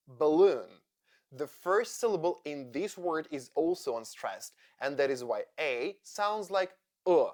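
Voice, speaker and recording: A woman teaching English pronunciation in a slow, scripted lesson, drilling each vowel sound with repetition. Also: deep voice, expressive, darkish tone.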